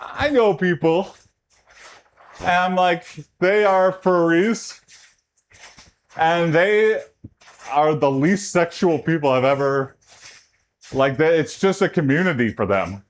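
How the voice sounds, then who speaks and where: A man from Texas, chatting casually with his livestream chat during a workout. His talk rambles, and his voice jumps up in pitch when he gets excited. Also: slow pace, pauses often. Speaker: streamer.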